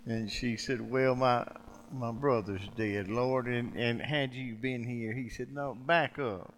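A man preaching a sermon, acting out quoted speech and swinging dramatically from loud outbursts to hushed lines. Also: mid-range voice, steady tone, takes it slowly, slight background noise.

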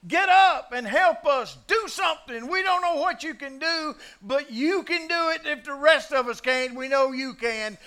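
A preacher acting out a crew of terrified fishermen who shout and beg for help in a storm. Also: male voice, very high-pitched, a little slow, hardly any pauses, pitched above the performer's own voice, exaggerated voice. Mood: panicked pleading. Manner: screaming, pleading, breathless panic. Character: frightened grown male fishermen crying for help.

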